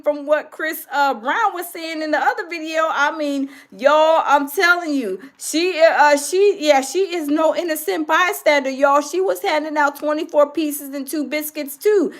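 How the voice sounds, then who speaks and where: A woman hosting a casual reaction stream, excitable and chatty, calling out to her viewers. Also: sits high. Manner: excitable, addresses viewers as y'all. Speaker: commentary host.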